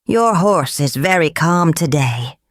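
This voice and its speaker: A woman voicing a brisk, plainspoken male blacksmith in a storybook. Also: low-pitched, expressive, dry recording, studio quality.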